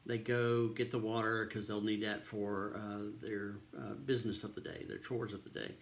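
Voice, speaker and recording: Low gravelly-voiced pastor. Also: male voice, level tone, moderate pace. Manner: conversational, many ums and uhs, paraphrases scripture casually. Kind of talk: informal devotional Bible retelling.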